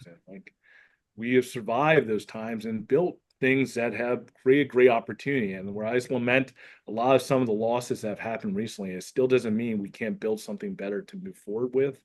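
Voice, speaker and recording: A man's voice: medium pitch, moderate pace. A man who works as a school counselor and author, talking through his ideas earnestly and thoughtfully as a podcast guest. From Pennsylvania. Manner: earnest, thoughtful, many "like" fillers. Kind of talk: casual conversation, reading from his book.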